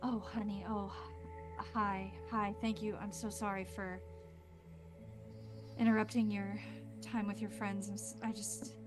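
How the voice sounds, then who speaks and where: A woman's voice: mid-range voice, little pitch movement, a little slow, long pauses, over music, close to an everyday voice. A woman voicing an anxious, tearful mother who rambles and apologizes to her teenage daughter.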